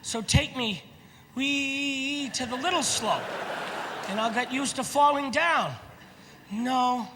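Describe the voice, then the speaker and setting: High-voiced male comedian in a big hall. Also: a little slow, background noise. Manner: animated, shouting punchlines and acting out voices. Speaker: stand-up comedian. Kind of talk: stand-up comedy routine. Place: large theater stage before a live audience. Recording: live hall recording with loud crowd laughter. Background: audience laughter.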